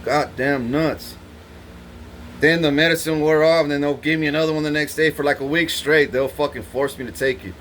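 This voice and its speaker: This is a man whose voice sits high for a male speaker. He rambles through his tale in a swaggering, profane way, laughing to himself between lines. A faint hum of noise runs behind him. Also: fairly even intonation, brisk, fairly bright tone. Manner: boastful, swears constantly, laughs between lines. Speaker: vlogger.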